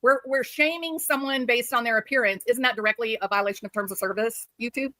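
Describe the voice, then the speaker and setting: A woman's voice: fairly high pitch, quick pace, pushed and bright, no room sound. A woman giving heated commentary as a streamer, scolding and repeating herself for emphasis.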